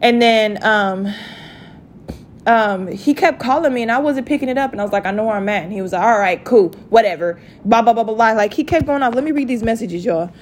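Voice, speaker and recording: A young woman telling a story to her viewers in a casual rant, profane and animated. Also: fairly high pitch, brisk, a little hiss or hum. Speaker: vlogger.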